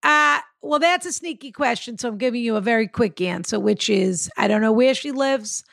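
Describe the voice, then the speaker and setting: Woman podcast host, fairly high voice, gravelly, dry close sound, playful and teasing. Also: normal speed, a bit bright, dry recording. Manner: playful, teasing asides while reading. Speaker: podcast host answering listener advice emails. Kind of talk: casual chat, reading a listener email aloud.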